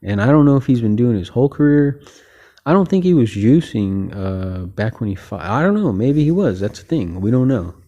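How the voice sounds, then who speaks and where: A man's voice: mid-range voice, normal speed, muffled recording. A man hosting a casual solo talk about boxing, rambling and opinionated, with lots of "you know" fillers. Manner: relaxed, opinionated and loose. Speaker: host.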